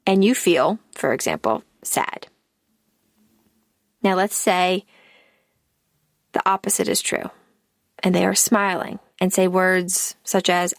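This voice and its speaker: A woman life coach hosting her podcast, speaking in a calm, deliberate scripted monologue, and her line ends often trail off into breath. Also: fairly low pitch, creaky, dry recording, clean studio sound.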